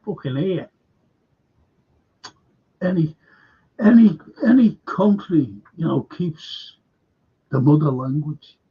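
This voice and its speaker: A man's voice: fairly high pitch, animated, slow pace, pauses often, husky, lo-fi sound. An older man from Liverpool with a Liverpool accent, rambling through anecdotes and swearing freely while hosting a livestream. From Liverpool, England. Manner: swears freely, tells stories with frequent fillers. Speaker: host.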